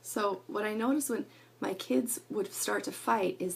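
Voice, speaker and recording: A woman's voice: mid-range voice, unhurried, creaky, darkish tone, a little hiss or hum. A middle-aged woman talking casually to camera at home, rambling and earnest with lots of fillers. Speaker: parenting vlogger.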